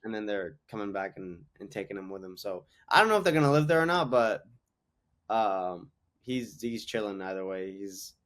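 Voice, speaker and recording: A man's voice: fairly low pitch, expressive, moderate pace, fairly bright tone. A man in his twenties from Canada, a guest comedian telling rambling anecdotes full of "like.". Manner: rambling anecdotes, heavy use of "like". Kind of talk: casual podcast storytelling.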